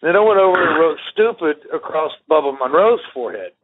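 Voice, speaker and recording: A retired pro wrestler spins rambling anecdotes in casual conversation, laughing often. His husky voice is on the high side, animated and fairly quick, and the audio sounds tinny, like a phone.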